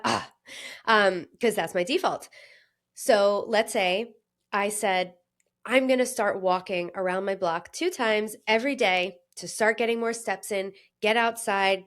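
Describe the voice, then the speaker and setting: A woman in her thirties, a health coach, talking alone in an earnest, chatty way, laughing often and acting out inner voices. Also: mid-range voice. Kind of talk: solo podcast monologue.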